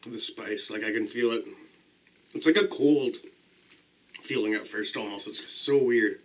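A man's voice: on the low side, measured pace, fairly bright tone. A man casually talking to the camera as a pepper-eating vlogger, chatty and self-deprecating, describing the burn as it builds.

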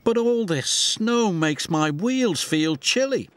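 A man voicing an anxious young male tank engine in a cartoon, whiny and excitable. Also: sits high, takes it slowly, pitched above the performer's own voice. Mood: complaining. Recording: music score behind.

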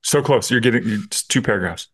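A man's voice: mid-range voice, expressive, a bit bright, husky, no room sound. A man co-hosting a podcast, chiming in with short, wry comments during a casual chat. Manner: quick wry interjections. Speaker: podcast co-host.

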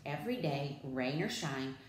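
A woman preschool teacher reads a children's story aloud with dramatic flair, her lowish voice rising and falling a great deal. The room is echoey, with a faint hiss underneath. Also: lively intonation, normal speed.

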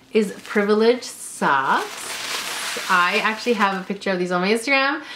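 A young woman vlogger from Canada chatting casually through an unboxing, gushing and exclaiming over each item. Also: medium pitch. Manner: gushing, excitable, lots of gasps and exclamations.

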